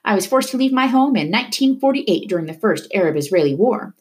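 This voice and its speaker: A woman voicing a kindly, gentle elderly man who offers help, in a storybook read-aloud. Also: medium pitch, animated, quick pace, pitched above the performer's own voice, close to an everyday voice.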